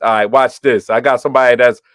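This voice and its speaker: A man's voice: medium pitch, fast, no room sound, studio quality. A man from Brooklyn, co-hosting a casual podcast and telling stories, acting out the dialogue in his anecdotes. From Brooklyn, New York. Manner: animated storyteller, acts out dialogue in quotes. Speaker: podcast co-host. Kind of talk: casual storytelling chat.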